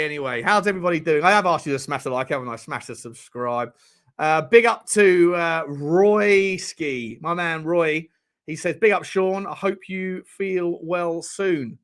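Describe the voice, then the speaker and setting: A man's voice: on the high side, fairly bright tone. A man hosting a fan live stream, rambling and joking with his chat. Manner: rambling, jokey, banters with chat. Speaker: fan channel host.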